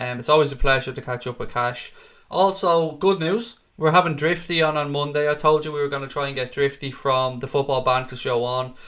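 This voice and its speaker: Answering viewers' comments on his relaxed fan channel livestream, this adult man, a husband and father, is outspoken, blunt, and frequently profane. He speaks in a mid-range, slightly bright voice.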